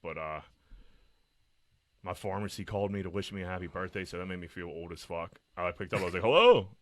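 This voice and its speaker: A man's voice: low-pitched, little pitch movement, quick pace, no room sound. A man in his thirties, co-hosting a casual podcast and telling stories in a rambling, profane way. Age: 30s. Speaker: podcast co-host.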